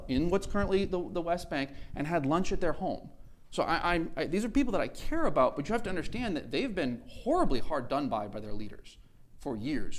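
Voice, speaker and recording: Fairly high-voiced man lecturing at a church conference. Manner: conversational, acts out quoted speakers, self-correcting. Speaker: conference speaker.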